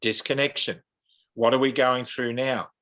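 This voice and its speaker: A man's voice: mid-range voice, steady tone, measured pace, a bit bright. A man with an Australian accent, a podcast guest speaking earnestly and with passion, like a preacher.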